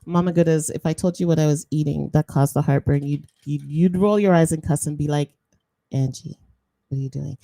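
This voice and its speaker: A chatty woman host, talking casually and slipping into patois between laughs. Her voice sits low and mellow. The recording is dry and close. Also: fairly quick, few pauses, no room sound. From Jamaican roots. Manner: chatty, animated, laughs often, slips into patois. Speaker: podcast host. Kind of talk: casual chat.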